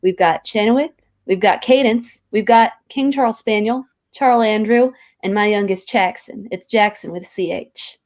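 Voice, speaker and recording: An actress playing a peppy football mom of five, chirpy and gushing as a comedy talk-show guest. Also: female voice, mid-range voice, normal speed, darkish tone, close to an everyday voice. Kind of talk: improvised comedy interview.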